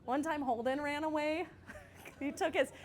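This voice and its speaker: A woman presenting a casual parenting workshop to a group in a church meeting room, chatty and quick to laugh, often checking in with the audience. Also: high voice, fairly even intonation, a little hiss or hum.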